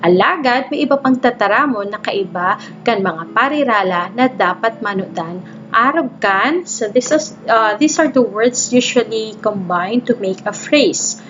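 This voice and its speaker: A woman's voice: fairly high pitch, animated, moderate pace, a bit bright. A woman teacher gives a recorded reading lesson, explaining in English mixed with Bikol words and reading syllables aloud one by one. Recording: dull lo-fi recording with faint noise.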